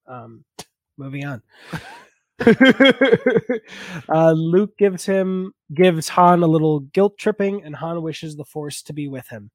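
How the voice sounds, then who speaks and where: A man's voice: fairly high pitch, expressive, slow pace, dry recording. A man hosting a podcast, chatting casually about a movie, rambling and laughing often at himself, on a computer mic. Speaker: podcast host. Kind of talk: casual movie review chat.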